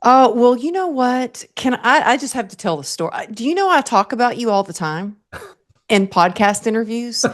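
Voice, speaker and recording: A woman hosting a podcast interview, telling a story in an earnest, animated way and laughing often. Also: fairly low pitch. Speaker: podcast host.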